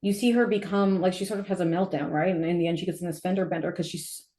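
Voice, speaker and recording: A woman's voice: fairly low pitch, steady tone, quick pace, mellow. A woman co-hosting a podcast, chatting casually and thoughtfully about a novel and using lots of filler words. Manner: thoughtful, analytical, with frequent fillers. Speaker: podcast co-host. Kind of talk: casual book discussion.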